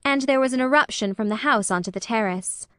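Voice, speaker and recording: A woman's voice: fairly high pitch, smooth, no echo, studio quality. Woman reading a classic novel aloud. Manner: measured, expressive reading. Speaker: audiobook narrator. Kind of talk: scripted narration of a classic novel.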